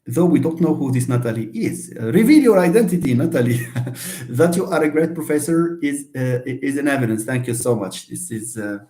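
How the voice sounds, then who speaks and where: Male lecturer, mellow tone, hesitant with restarts, echoey room. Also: medium pitch, a little fast, few pauses. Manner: hesitant, many fillers and restarts, explanatory. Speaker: linguistics lecturer. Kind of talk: live online lecture on syntax.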